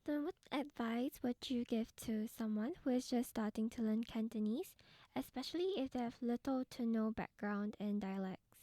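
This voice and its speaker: A woman from Singapore asks a guest prepared questions in a polite, even manner. Her voice sits a little high and sounds mellow. The recording is dry, with no room echo. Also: normal speed. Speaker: interviewer. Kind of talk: interview questions.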